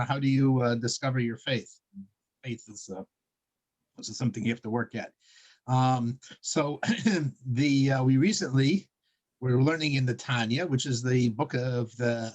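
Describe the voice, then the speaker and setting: A man's voice: medium pitch, a little mellow, low-quality recording. A man teaching a casual religious class over a video call, rambling with many fillers and frequent chuckles.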